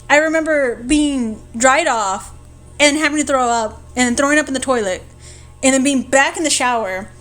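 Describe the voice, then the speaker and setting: A woman's voice: sits high, a bit bright. A young woman co-hosting a podcast, telling a story in casual chat, laughing and swearing freely. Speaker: podcast co-host.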